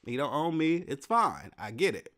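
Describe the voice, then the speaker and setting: A man hosting his own podcast, telling a frank personal story in casual monologue. His pitch jumps all over as he acts out both sides of each conversation, salty and unfiltered. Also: moderate pace. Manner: candid, profane, animated retelling with quoted dialogue. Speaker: podcast host.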